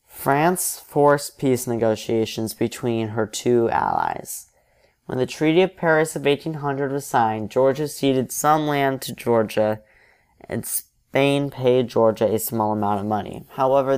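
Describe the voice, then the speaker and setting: A man's voice: mid-range voice, darkish tone, smooth. Man narrating an alternate history.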